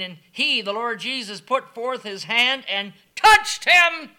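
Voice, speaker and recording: Male preacher, very high voice, sermon, emphatic, soft asides and shouted peaks. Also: takes it slowly, hardly any pauses. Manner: emphatic and animated, swings between soft asides and loud, shouted declarations.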